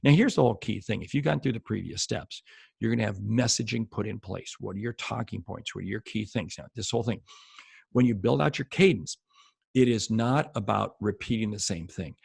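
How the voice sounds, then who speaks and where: Gravelly man coaching with emphatic repetition. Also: fairly low pitch, brisk, darkish tone, dry recording. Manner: emphatic, repeats key phrases for stress; speaks directly to the viewer. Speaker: sales trainer. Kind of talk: motivational coaching talk to camera.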